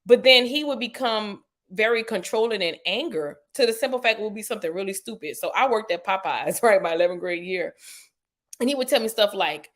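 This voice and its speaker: A woman, a podcast guest telling a personal story in a lively way, acting out quotes with sudden jumps in pitch and using lots of "you know" and "like". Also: fairly quick. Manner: animated retelling, acts out quotes with sharp pitch jumps; frequent "you know" and "like" fillers.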